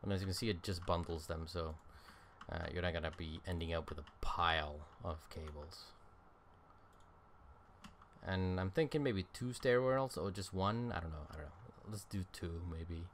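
Low-voiced man rambling through gameplay. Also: moderate pace, a little hiss or hum. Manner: rambling, thinking aloud with many fillers. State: tired, yawning. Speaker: game streamer. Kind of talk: casual let's-play commentary.

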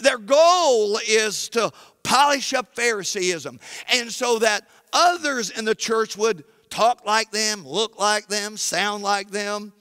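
A man pastor preaching an emphatic sermon, rising to shouts at key points, in a church sanctuary. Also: high voice, clear, resonant tone, no room sound, studio quality, in a large hall.

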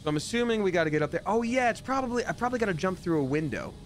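A man's voice: high voice, rapid-fire, slight background noise. A man casually commenting while playing a game on a live stream, chatty and jokey, reading out viewer donations. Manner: animated, jumps between mumbling and excited.

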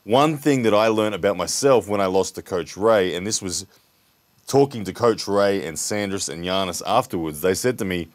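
A man hosting a podcast in relaxed chat, easygoing and quick to laugh. His voice sits low, recorded dry and close with no room sound. He reads out viewer questions and talks them through at length. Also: dry recording. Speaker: podcast host. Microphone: podcast microphone.

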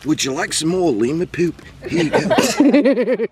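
A man's voice: high-pitched, very animated, measured pace, gravelly, a crowd in the background. A man visiting a sanctuary, talking to the animals in a playful, teasing baby-talk. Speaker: guest visitor. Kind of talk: casual chat. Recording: loud outdoor noise.

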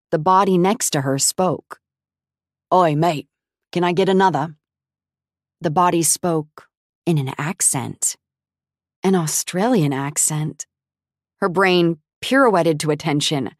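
A woman with a low voice narrates an audiobook from a script in a wry manner. The recording is studio quality, with no room sound.

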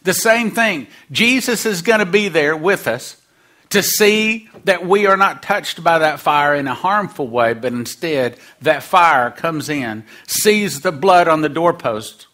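A man's voice: fairly high pitch, unhurried, bright, forceful tone. A man preaching a sermon, acting out quoted voices and dropping humorous asides.

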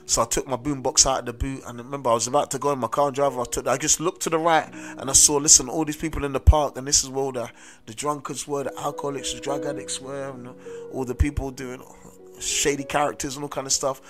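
A South London man preaches with steady conviction, mixing his own story into the sermon. His voice sits in an ordinary middle pitch and keeps returning to "amen." Music plays clearly beneath him. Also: quick pace. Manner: earnest, repeats "amen" and "listen to me". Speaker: street preacher. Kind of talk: sermon with personal testimony. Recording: music playing under the voice.

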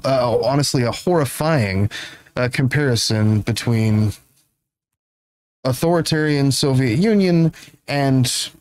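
A man hosting a show, giving sarcastic, halting commentary between news clips, with many fillers and restarts. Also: mid-range voice, a little mellow, clear, resonant tone, no echo, low-quality recording. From United States. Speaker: show host.

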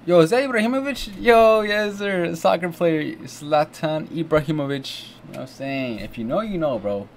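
With faint music from the video he's watching in the background, a young American man reacts in a mid-range voice over slight background noise. He keeps it casual and full of slang and exclamations. "Bro" and "you know what I'm saying" come up again and again.

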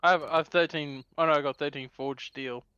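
Bright-voiced Australian man, dry humor. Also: a little high, steady tone, fairly quick, clean tone, no echo, highs cut off. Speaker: co-op gaming partner. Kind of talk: casual co-op gaming chat.

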